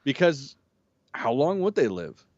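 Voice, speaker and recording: A man co-hosting a casual review chat, relaxed and blunt, swearing casually. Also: medium pitch, unhurried, dry recording, highs cut off. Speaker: co-host.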